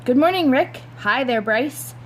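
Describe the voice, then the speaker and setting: A woman's voice: high voice, expressive, unhurried, a little hiss or hum, voice pushed up, low-quality recording. A woman reading aloud voices a cheerful, courtly old grandfather. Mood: genial.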